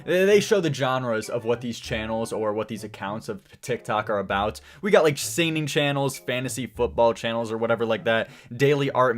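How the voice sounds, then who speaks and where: Male host, average pitch, loose profane rant with frequent laughs over faint background music. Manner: profane, rambling, laughs often. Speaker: channel host. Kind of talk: off-the-cuff commentary rant.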